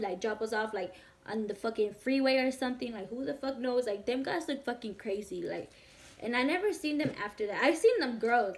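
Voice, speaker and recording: A young woman tells a personal story straight to camera. Her voice sits a little high. She talks fast and animated, swears freely and fills her sentences with "like.". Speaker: vlogger. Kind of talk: casual storytime.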